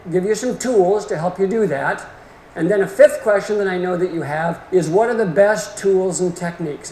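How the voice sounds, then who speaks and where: Folksy, animated male lecturer in an echoey hall. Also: high-pitched. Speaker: orthodontic lecturer. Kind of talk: continuing-education lecture. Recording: echoey hall with faint room noise.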